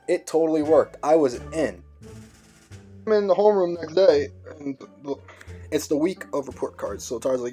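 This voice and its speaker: A man's voice: a little high, moderate pace, faint music behind. A young man narrating a storytime animation in a casual, slangy way, playfully acting out what others said. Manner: relaxed slangy delivery, playful quoting.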